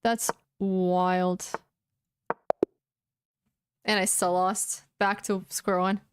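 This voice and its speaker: A woman's voice: mid-range voice, level tone, drawn-out words, a little hiss or hum. A young woman streaming chess, muttering anxious, casual commentary to herself and repeating words as she plays. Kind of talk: casual live-stream commentary while playing.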